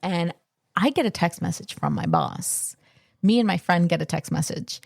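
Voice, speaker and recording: A woman's voice: on the low side, wildly swooping pitch, normal speed, vocal fry, dry recording, clean studio sound. A woman co-hosting a podcast, telling a story in casual chat, with many fillers and acted-out quotes. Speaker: podcast co-host.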